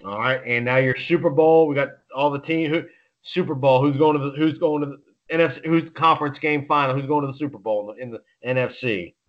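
A man co-hosting a sports podcast, chatting casually about picks in an excitable, rambling way with lots of restarts. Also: mid-range voice, fast, highs cut off. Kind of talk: casual sports betting chat.

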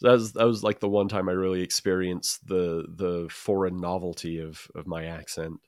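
A man's voice: sits low, level tone, normal speed, darkish tone, dry recording. A man who grew up in Utah, co-hosting a casual chat show, rambling with repeats and dry jokes. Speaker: podcast co-host.

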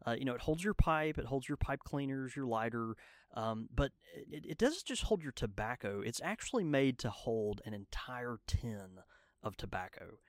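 An eager man talks casually as a podcast co-host. He sounds fired up and loose, circling back with restarts and fillers. His voice sits at a middling pitch and sounds dry and close, with no room sound around it. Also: expressive, normal speed, no room sound. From Southern United States. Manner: enthusiastic, many fillers and restarts. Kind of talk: casual chat.

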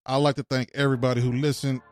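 A man's voice: mid-range voice, level tone, fast, a little mellow, faint music behind. A man from Los Angeles hosting a podcast, talking casually but earnestly, turning preachy when he makes a point. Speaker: podcast host.

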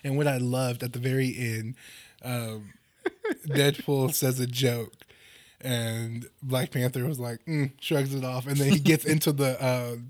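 A man's voice: medium pitch, fairly even intonation, measured pace, no echo. Laughing man retelling comic plots. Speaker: podcast host. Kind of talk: casual chat about comics.

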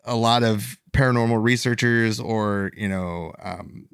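A man's voice: fairly low pitch, measured pace, creaky, fairly bright tone, clean tone, no room sound, studio quality. A man hosting a podcast, telling a story in casual chat with rambling fillers.

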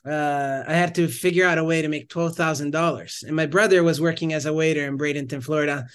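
Rambling storyteller man with a higher voice. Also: steady tone, fast talker, clean tone. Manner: rambling, self-correcting storyteller with frequent restarts. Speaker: missionary guest. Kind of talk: casual storytelling interview.

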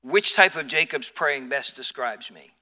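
A male pastor, older, preaching a sermon and telling a personal story, animated, with frequent restarts and fillers. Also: mid-range voice, a little slow.

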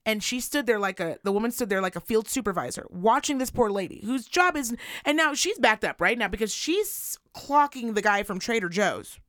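Female co-host, profane and animated, swings her pitch widely, dry close mic. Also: brisk, hardly any pauses, no room sound. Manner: animated, profane, acts out voices. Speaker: podcast co-host. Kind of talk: casual chat, storytelling rant.

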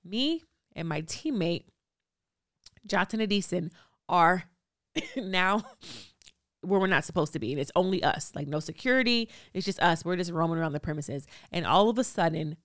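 A woman in her thirties hosting a podcast, telling a story in an animated, breathless way. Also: lowish voice, moderate pace, no echo, studio quality. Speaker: podcast host.

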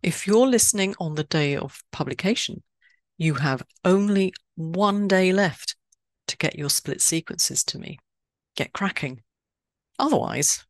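Swiss woman hosting a poetry podcast, low voice, punchy high jumps on key words, dry close sound. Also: no echo. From Switzerland. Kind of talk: scripted podcast narration.

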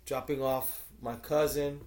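A man co-hosting a podcast, telling stories in an animated casual chat and acting out what people said. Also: mid-range voice, measured pace. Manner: animated storyteller who acts out quotes. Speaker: podcast co-host.

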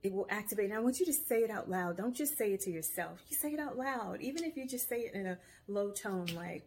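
A woman's voice: mid-range voice, expressive, quick pace, few pauses, darkish tone, a little hiss or hum. A woman hosting her own video podcast, talking casually and giving upbeat, encouraging motivational advice. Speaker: podcast host. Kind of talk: motivational self-help talk. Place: home. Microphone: video podcast camera mic.

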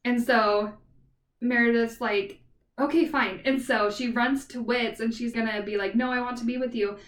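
A woman's voice: on the high side, moderate pace, distant mic. A woman co-hosting a book podcast who retells a plot casually, with lots of "like". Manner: animated retelling, heavy use of "like". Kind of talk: casual chat. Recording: roomy echo, away from the mic.

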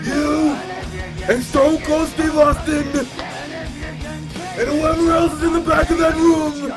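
A man putting on the voice of a loud, boastful male wrestler, shouting brash taunts. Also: very high-pitched, flat delivery, slow pace, music in the background, pitched above the performer's own voice.

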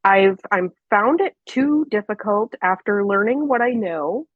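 Husky candid woman guest. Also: mid-range voice, expressive, a little slow, dry recording, phone-quality sound. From Canada. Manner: candid, chatty, hesitant restarts. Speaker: podcast guest. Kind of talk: casual personal storytelling.

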